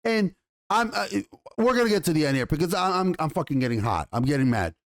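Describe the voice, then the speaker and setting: Exasperated male reviewer with a high voice, foul-mouthed, tripping over his words. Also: big pitch swings, fast talker. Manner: exasperated, swears a lot, stumbles and restarts. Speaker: YouTube TV show reviewer. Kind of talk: profane ranting review.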